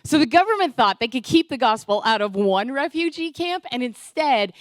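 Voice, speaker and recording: A young woman speaking to a church group, telling a personal ministry story and acting out the dialogue with lively energy. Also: high-pitched, normal speed, no room sound. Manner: lively, acts out quoted dialogue. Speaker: guest speaker. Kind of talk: storytelling testimony talk.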